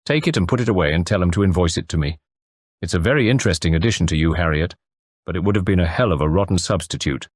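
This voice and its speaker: A man's voice: deep voice, fast talker, slightly rough, dry recording, clean studio sound. A man voicing an anxious aristocratic new father in an audiobook, with clipped upper-class banter.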